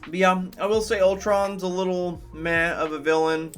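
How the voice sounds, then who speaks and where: A man's voice: sits high, fairly even intonation, moderate pace, soft background music. A man reviewing movies in casual commentary, enthusiastic, profane and rambling.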